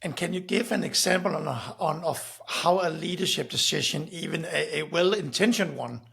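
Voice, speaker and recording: A man co-hosting a podcast, asking halting questions and teasing his co-host. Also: a little high, vocal fry, fairly bright tone, husky. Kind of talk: conversational podcast talk.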